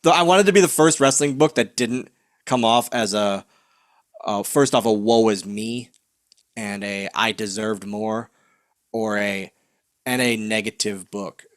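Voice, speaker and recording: A man's voice: on the low side, unhurried, dry recording, studio quality. A man in his late thirties, an interview guest, telling a candid, heartfelt story and acting out what others said. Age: 30s. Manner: heartfelt, animated retelling with laughs and acted-out quotes. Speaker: interview guest, wrestler and author.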